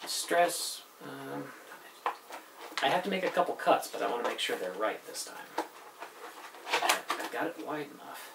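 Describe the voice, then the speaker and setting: A man demonstrating how he builds a costume, talking casually and haltingly, breaking off mid-sentence as he works with his hands. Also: medium pitch, expressive, vocal fry. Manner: halting, thinks aloud while working with hands. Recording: roomy, distant, loud background noise.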